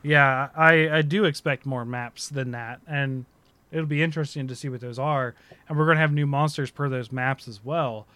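Excitable guy chatting casually, bright voice, dry sound. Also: medium pitch, normal speed, no echo. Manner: excitable, laughs loudly, speculates at length. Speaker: podcast co-host. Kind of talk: casual chat.

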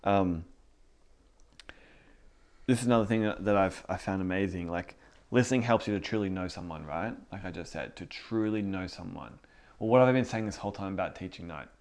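A young man with a fairly low voice teaches in a relaxed, conversational way, like a youth pastor talking to his group. He fills his talk with "like" and often repeats words as he goes. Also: fairly quick. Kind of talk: casual spoken teaching.

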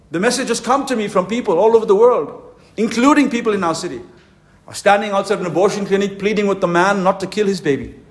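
A man preaching a fervent conference sermon as a pastor, with slow, emphatic, stressed phrases. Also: high voice. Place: conference hall.

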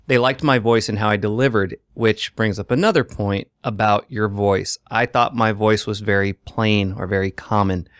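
A male voiceover actor speaking earnestly as a guest in a casual interview, in quick bursts. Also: fairly low pitch, steady tone, fairly bright tone, smooth, no echo, studio quality.

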